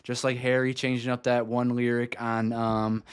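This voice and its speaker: A man's voice: medium pitch, flat delivery, normal speed, smooth. A man hosting a music reaction video, talking enthusiastically and casually, thinking aloud with fillers.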